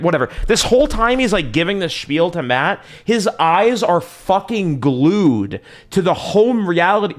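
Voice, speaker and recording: Young male streamer, lively pitch, rambling casual storytelling with slang and swearing. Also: moderate pace, few pauses. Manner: rambling, profane, slangy, lots of filler.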